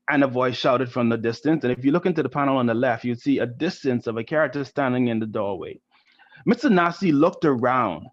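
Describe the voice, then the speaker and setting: Over a computer mic on a video call, the Bahamian man reads to the kids in a chatty way, frequently checking in with "right?". He's a volunteer art teacher whose medium-pitched voice moves fairly quickly, and the recording sounds muffled.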